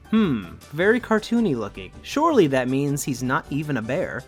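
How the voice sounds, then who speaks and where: A man's voice: on the high side, big pitch swings, moderate pace, faint music behind. A man co-hosting a casual comedy chat, sarcastic and joking, laughing often. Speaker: co-host.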